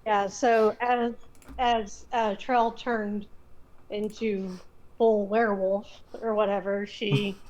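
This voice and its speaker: A woman's voice: medium pitch, level tone, a little mellow, rough recording. A woman playing in an online tabletop game, describing her actions hesitantly with repeated words. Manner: hesitant, slow, repeats herself. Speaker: player. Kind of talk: casual play narration.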